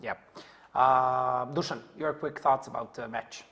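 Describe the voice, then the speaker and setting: A man's voice: medium pitch, fairly even intonation, measured pace, a bit bright. Hesitant Serbian-accented male desk host. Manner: hesitant, many fillers, laughs often. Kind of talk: studio esports analysis chat.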